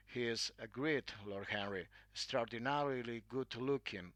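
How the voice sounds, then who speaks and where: A man voicing a witty, smug aristocrat who speaks smoothly and with amusement in a read-aloud story. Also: mid-range voice, normal speed, fairly bright tone, no room sound, close to an everyday voice. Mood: charming.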